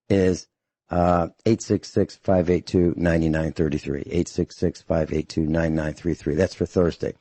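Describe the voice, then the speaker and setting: A man hosting a radio talk show, speaking steadily and repeating details slowly and carefully. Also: low voice, warm tone, dry recording.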